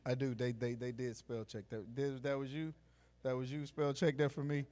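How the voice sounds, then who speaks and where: A man giving a motivational talk to a live audience in a room, preachy, asking the crowd questions, going from quiet to loud. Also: mid-range voice, level tone, normal speed. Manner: preachy, call-and-response, swings from soft to loud. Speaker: motivational speaker.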